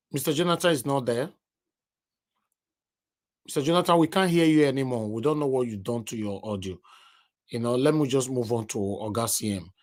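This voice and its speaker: A man from Nigeria hosting a live online panel, brisk and polite, calling on guests by name. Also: medium pitch. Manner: brisk, polite, addresses guests as sir and madam. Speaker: host.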